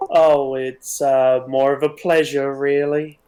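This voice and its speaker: Man playing a slow-talking, eager-to-please female soldier. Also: mid-range voice, little pitch movement, dark tone, lightly acted. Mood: dutiful. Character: dutiful female soldier trooper.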